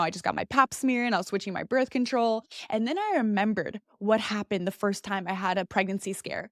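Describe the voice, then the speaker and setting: A woman's voice: medium pitch, dry recording, studio quality. A young woman hosting a podcast, telling a personal story in a chatty, candid way and acting out the voices of other people. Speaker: podcast host. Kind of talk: casual storytelling monologue.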